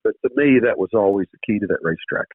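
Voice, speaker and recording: A man, a retired racer talking as an interview guest, rambling, repeating words and clearing a throat that is choked up with a cough. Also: on the low side, animated, quick pace, no room sound. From Virginia. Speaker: guest, retired race car driver. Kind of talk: casual interview storytelling. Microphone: phone call. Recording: tinny dry phone line.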